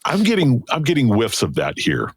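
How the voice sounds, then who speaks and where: Male podcast co-host, husky low voice, expressive pitch, bantering. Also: dry recording. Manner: quick banter, frequent agreeing interjections. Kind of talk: casual chat.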